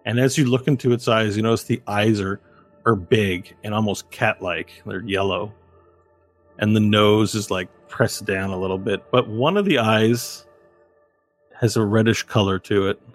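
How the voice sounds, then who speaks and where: A man's voice: on the low side, moderate pace, faint music behind. A man running a tabletop game as game master, describing scenes in a meandering way with many fillers.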